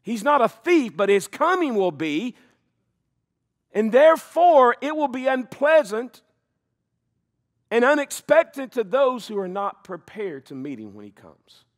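A middle-aged man delivers a sermon in a lively, high-pitched voice. His pitch rises and falls widely as he preaches. He drags out important phrases for emphasis. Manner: animated preaching, slows for emphasis, occasional laughs. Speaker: pastor.

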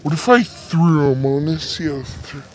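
Slow, playful man on a camera mic. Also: on the high side, expressive, slight background noise. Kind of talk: casual vlog chat.

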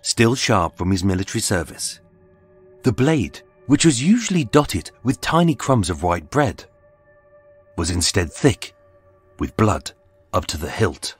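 Husky, low-voiced male true-crime narrator; dramatic, lively pitch, measured scripted delivery. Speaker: podcast narrator. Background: faint music.

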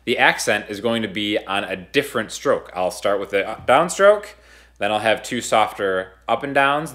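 A man's voice: mid-range voice, sharp tone. A man teaching a guitar lesson in a loose, conversational way, counting beats aloud in rhythm. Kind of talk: casual video lesson. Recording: guitar music under the voice. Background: guitar playing.

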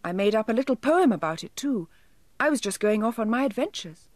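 A woman voicing a tiny, eager, fretful male elf with a small silvery voice, high and pleading, in a storybook reading. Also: sing-song, moderate pace, a little mellow, dry recording. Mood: dismayed.

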